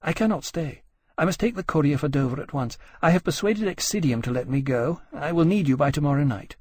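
A man reading a tired, resolute woman officer in a higher, brisk, clipped voice for an audiobook. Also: darkish tone, breathy edge. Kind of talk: audiobook character voice.

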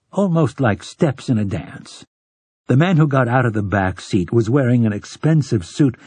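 A man narrating an audiobook in a measured, even storytelling manner, with a husky voice. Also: mid-range voice, no room sound. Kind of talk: scripted narration.

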